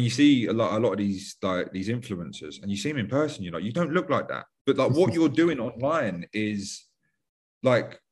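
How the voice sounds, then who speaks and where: Rambling young British man, lowish voice. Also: slightly rough. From United Kingdom. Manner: rambling, blunt, heavy on fillers and swearing. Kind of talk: casual podcast chat.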